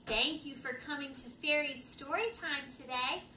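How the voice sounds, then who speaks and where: Storytime reader, woman: very high, bright, lively read-aloud with playful asides; echoey room. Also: moderate pace, slight background noise. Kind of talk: reading a picture book aloud to children.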